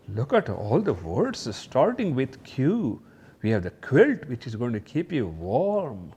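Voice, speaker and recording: A man teaching a kindergarten lesson, talking gently and directly to young children and exclaiming over each picture. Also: mid-range voice, wildly swooping pitch, slow, slightly rough.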